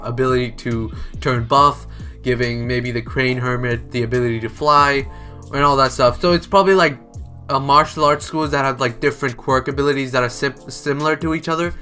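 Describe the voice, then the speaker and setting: A man's voice: medium pitch, bright, forceful tone. A man telling an improvised fan story in a chatty, rambling way, full of "like" and "um". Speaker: storyteller, channel host.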